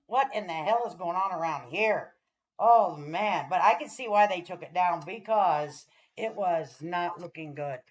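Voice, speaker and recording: A woman's voice: lowish voice, animated, normal speed. Folksy woman chatting to her stream. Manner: folksy, swears freely, talks straight to chat. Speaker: livestream host. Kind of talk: casual livestream chat.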